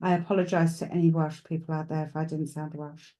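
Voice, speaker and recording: A woman giving a live psychic reading. She chats with her viewers and thinks out loud as she works. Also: sits low, level tone, a little fast. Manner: chatty, thinks aloud, addresses viewers directly; hesitant, with frequent restarts while working things out. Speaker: psychic medium. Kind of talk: live streamed mediumship reading.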